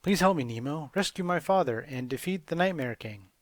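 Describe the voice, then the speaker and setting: A man voicing a sweet, scheming young princess in a sugary, pleading falsetto. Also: expressive, a little fast, no echo, natural voice.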